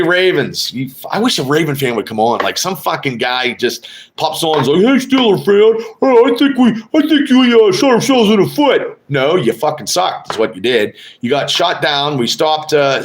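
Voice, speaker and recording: A man's voice: mid-range voice, a bit bright, slight background noise. A man hosting a casual live sports podcast, rambling and swearing as he trash-talks rival fans. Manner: rambling, profane, trash-talking. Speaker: podcast host. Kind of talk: casual live-stream chat.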